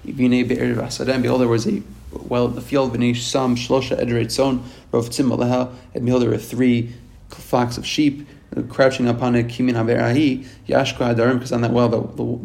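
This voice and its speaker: A man's voice: mid-range voice, gravelly, darkish tone. A man teaching a verse-by-verse text study, reading Hebrew phrases and then translating them into English, often restarting mid-phrase. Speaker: Torah teacher.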